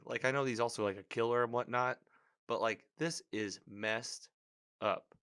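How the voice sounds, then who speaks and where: A man casually recapping a TV episode, rambling with many fillers and animated reactions. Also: mid-range voice, moderate pace, clear, resonant tone.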